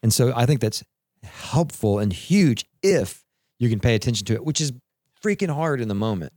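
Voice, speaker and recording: A man in his thirties, podcast co-host and father, telling parenting stories in an animated way and acting out quotes. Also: medium pitch, normal speed, no echo, clean studio sound. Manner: animated storyteller, acts out quotes, laughs. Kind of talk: casual podcast conversation on parenting and mentoring.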